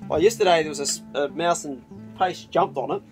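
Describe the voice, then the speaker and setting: A man's voice: a little high, brisk, over music. Blunt, easygoing man on a farm. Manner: blunt, easygoing, swears casually. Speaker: farm owner and channel host. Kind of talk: casual outdoor vlog chat. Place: outdoors on a rural farm property.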